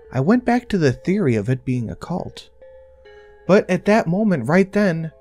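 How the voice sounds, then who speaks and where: A man's voice: mid-range voice, darkish tone. A man narrating a first-person horror story in a tense, intense way, swearing now and then.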